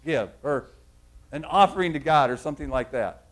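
A man's voice: a little high, lively intonation, moderate pace, low-quality recording. This is a male pastor with a somewhat raised voice giving a sermon. He speaks in an easygoing, conversational way. He wanders between thoughts and often corrects himself mid-sentence. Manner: conversational, rambling, self-correcting.

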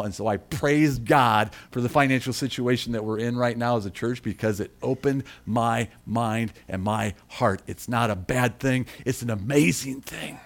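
A middle-aged man preaching a sermon as pastor, telling a personal story with enthusiasm and frequent repeats. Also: medium pitch.

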